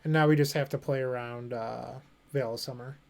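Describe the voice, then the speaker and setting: A man's voice: medium pitch, steady tone, normal speed, vocal fry, a little mellow. A young man streaming a card game, thinking aloud and joking with his chat in a casual way. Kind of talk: casual commentary while playing.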